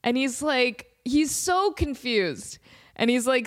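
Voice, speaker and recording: A woman hosting a podcast, telling a funny story in a casual, animated way and laughing often. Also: high-pitched, slow, long pauses. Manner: giggly, animated, laughs often mid-sentence. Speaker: podcast host.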